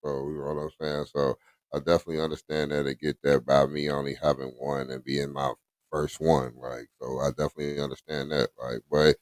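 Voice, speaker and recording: A man's voice: very deep voice, flat delivery, brisk, no echo, clean studio sound. A man chatting casually as a podcast co-host, laid-back and repeating "you know what I'm saying". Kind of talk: casual chat.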